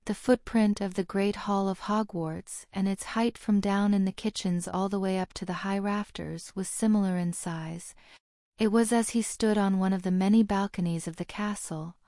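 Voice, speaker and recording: Mellow-voiced woman reading an audiobook. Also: mid-range voice, no echo, clean studio sound. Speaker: audiobook narrator. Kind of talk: scripted narration.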